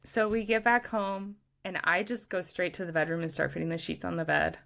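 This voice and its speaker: Woman on a podcast spilling her own story, slightly low voice, blunt and emphatic. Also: fairly even intonation, brisk, creaky, a bit bright. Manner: candid, emphatic, reads her old diary entries aloud. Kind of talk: casual storytelling chat.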